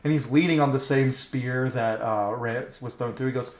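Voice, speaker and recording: A man's voice: medium pitch, fairly even intonation, normal speed, few pauses. Male game master, casual tabletop narration, medium voice, roomy recording. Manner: casual, filler-heavy storytelling.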